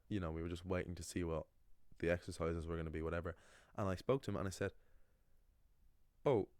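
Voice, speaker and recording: Young guy, real low voice, rambling teacher rant, dry close sound. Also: a little mellow, no echo. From Ireland. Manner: anecdotal, opinionated, rambling. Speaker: language teacher. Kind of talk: casual explanatory video monologue.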